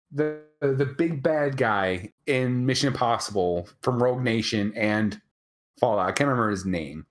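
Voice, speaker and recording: A man with a Wisconsin accent co-hosting a casual live chat show. He laughs often and keeps checking in with "right?". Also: mid-range voice. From Wisconsin, USA. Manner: chatty, laughs often, fills pauses with "um" and "right?". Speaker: co-host.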